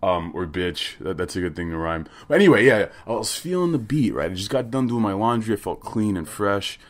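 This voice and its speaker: A man hosting a podcast, chatting casually in a loose, excitable, joking way. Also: fairly low pitch, a little fast. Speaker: podcast host.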